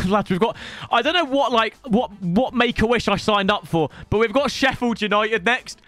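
A young man giving live video game commentary, chatty and slangy, breaking into loud excited outbursts as he talks to his viewers. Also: high-pitched, moderate pace, no room sound, soft background music. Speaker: gaming YouTuber.

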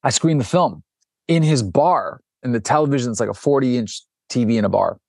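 A man's voice: mid-range voice, fairly quick, gravelly, breathy edge, no echo, studio quality. A man, a documentary director, telling a story as an interview guest and acting out the lines of the people in it. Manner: animated, acts out quoted dialogue, frequent restarts.

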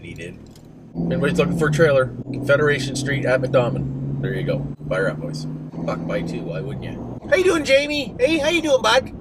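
Profane Canadian man ranting in a car. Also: a little high. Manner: profane, mock-worked-up, folksy. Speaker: vlogger. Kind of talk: casual driving vlog rant. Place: inside a moving car. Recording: noisy car interior.

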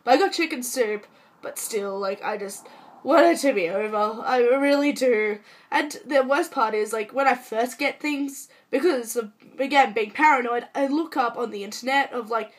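Sick, hoarse young woman vlogging. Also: a little high. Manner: chatty, self-mocking, dramatic. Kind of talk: casual chat to camera.

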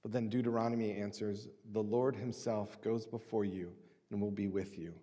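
A man preaching a sermon as pastor, with a measured delivery that reads scripture aloud deliberately. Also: lowish voice, steady tone, dark tone. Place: church sanctuary. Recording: long church-hall reverb.

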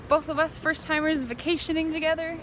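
A woman's voice: sits high, little pitch movement, fairly quick. Giggly young woman vlogging, noisy recording. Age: 20s. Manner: chatty and giggly, talking to viewers. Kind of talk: casual travel vlog. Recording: noisy handheld recording with ambience.

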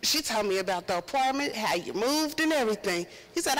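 A woman's voice: fairly high pitch, normal speed. A woman sharing a personal memory at a funeral, acting out the quoted voices as she tells the story.

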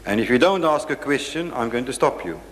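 A man's voice: mid-range voice, animated, a little fast. Firm male chairman in an echoey hall. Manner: firm, insistent, cuts speakers off. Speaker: lecture chairman. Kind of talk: moderating a question session. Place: lecture hall.

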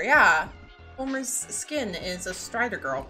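A young woman streaming a block-building game, chatting casually and greeting her viewers excitedly. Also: medium pitch, normal speed. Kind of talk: casual live-stream chat. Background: faint background music.

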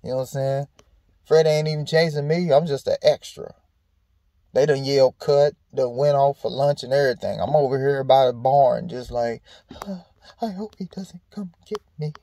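Male vlog host, gravelly and dark in tone, casual and profane, thinking aloud outdoors. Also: medium pitch, fairly even intonation, normal speed, dry recording, low-quality recording. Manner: laid-back, candid, swears freely, rambling restarts. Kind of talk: casual reflective monologue. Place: outdoors in a park.

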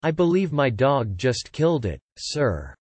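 A man's voice: sing-song, unhurried, a little mellow, slightly rough, no echo. A man voicing a timid, nervous little man who speaks hesitantly. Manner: hesitant, squeaky.

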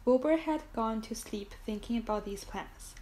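A woman reads a children's book aloud in a gentle, steady storytelling manner, with a fairly high voice. A faint background hiss sits under her reading. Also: moderate pace, low-quality recording. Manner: gentle, steady read-aloud with small slips.

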